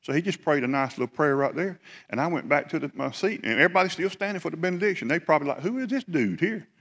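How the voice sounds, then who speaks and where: A man from South Georgia with a Southern US accent, preaching a lively testimony sermon with animated storytelling. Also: a little high, fast. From South Georgia, USA. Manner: animated storytelling, building to fervent praise. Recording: reverberant hall.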